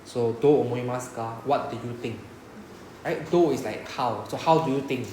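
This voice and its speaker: A man's voice: medium pitch, brisk, mellow, roomy sound, a little hiss or hum, rough recording. Singaporean man teaching Japanese in class. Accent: Singaporean English. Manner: explains patiently, asks "right?" often, mixes in Mandarin. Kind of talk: classroom lecture.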